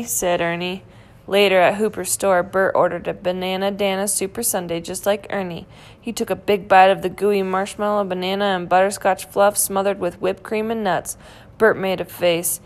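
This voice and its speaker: A woman reads a children's picture book aloud at a mid pitch. Her storytelling is gentle and clear, paced for young listeners. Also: steady tone, moderate pace. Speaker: storybook reader.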